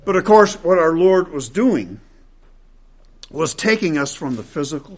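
A male preacher delivering an expository sermon at a slow, deliberate pace, his voice sitting a little higher than most men's. He repeats phrases for emphasis, rising to loud, emphatic peaks and then dropping into hushed, low tones. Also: sing-song.

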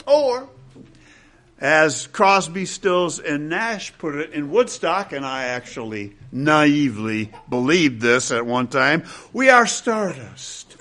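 An older male pastor with a bright, forceful tone and a slightly raised pitch, pressing his points hard. He teaches verse by verse and slips in wry asides to his listeners. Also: takes it slowly. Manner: emphatic, wry asides to the congregation. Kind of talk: expository sermon.

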